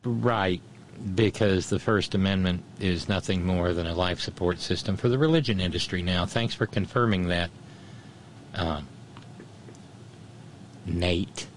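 A man's voice: low voice, a little slow, pauses often, slight background noise. A man giving a sardonic commentary monologue, mocking and scornful, with wry asides between the quotes he reads out. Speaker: political commentator.

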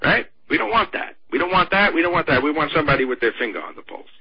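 Sarcastic male co-host, lively pitch, husky, lo-fi radio sound. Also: fast. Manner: sarcastic, mocking mimicry. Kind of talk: casual political talk.

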